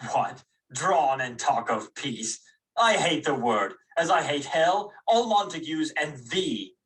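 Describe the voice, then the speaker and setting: A hateful, quarrelsome young swordsman in a Shakespeare audio drama. His scornful delivery is lively and slow, and he sounds set back from the mic. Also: fairly high pitch, recorded from a distance, low-quality recording. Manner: scornful, challenging.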